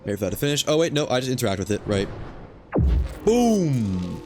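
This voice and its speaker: With music playing behind him, this medium-pitched male streamer talks rapid-fire. He's relaxed, muttering and thinking out loud as he narrates his own on-screen moves in casual gameplay commentary.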